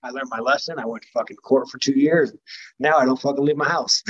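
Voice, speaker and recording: Husky, blunt, foul-mouthed man. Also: medium pitch, quick pace, muffled recording. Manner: blunt, profane, rambling with many fillers. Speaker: professional fighter. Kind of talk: casual interview chat.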